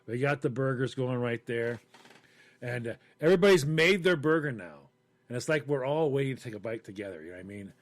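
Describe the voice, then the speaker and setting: A man chatting casually, telling a story with lively acted-out quotes. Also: mid-range voice, fairly quick, no echo. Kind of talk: casual chat.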